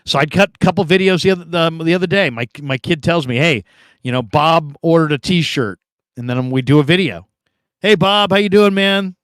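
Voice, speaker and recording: A middle-aged man talks sports on his own live stream, rambling from point to point and bursting into loud acted-out quotes. His voice sits a little high and comes across dry and close, with no room sound. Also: fairly quick, no room sound. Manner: rambling, animated storytelling, acts out quotes loudly. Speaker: show host.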